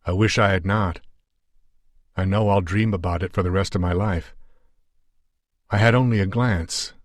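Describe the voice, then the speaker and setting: A man voicing a shaken, grim American adventurer who speaks haltingly and somberly, in an audiobook reading. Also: low voice, steady tone, no room sound, clean studio sound, lightly acted. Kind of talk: audiobook character voice.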